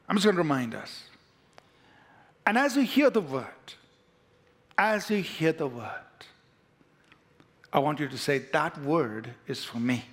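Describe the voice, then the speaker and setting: A man's voice: on the high side, fairly bright tone. Man preaching with call-and-response. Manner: emphatic call-and-response preaching, leads congregation in declarations. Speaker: pastor. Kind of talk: sermon. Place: church sanctuary.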